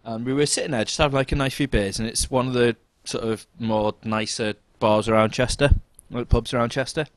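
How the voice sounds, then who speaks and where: Animated man telling a pub story. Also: medium pitch, fairly quick, hardly any pauses, no room sound. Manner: animated, laughs through anecdotes, mimics voices. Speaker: podcast co-host. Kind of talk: casual storytelling chat.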